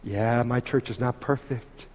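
A man in his fifties preaching a heartfelt sermon, swinging between loud exhortation and soft, intimate asides. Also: medium pitch, steady tone, a little slow. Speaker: pastor. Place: church hall. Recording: long reverb of a church hall.

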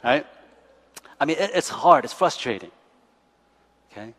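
A man's voice: a little high, animated, unhurried, a bit bright. A man in his forties, a pastor, preaching a sermon as chatty stories, often laughing and asking "right?". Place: church. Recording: echoey church hall.

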